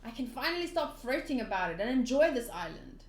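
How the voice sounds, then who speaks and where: A woman's voice: a little high, sing-song, brisk, a little hiss or hum. Woman voicing a grumpy lonely forest guardian man. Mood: gruff. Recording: roomy echo.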